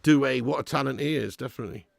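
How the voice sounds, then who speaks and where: A man's voice: mid-range voice, quick pace, creaky, dry recording, studio quality. A man hosting a live football watch-along, chatting and bantering with viewers. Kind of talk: live casual match commentary and chat.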